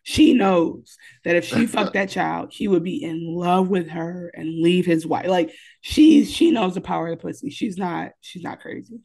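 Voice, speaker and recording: A woman co-hosting a casual podcast recap of a TV episode, animated and profane, acting out what the characters say. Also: on the low side, moderate pace, gravelly, breathy edge. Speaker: podcast co-host.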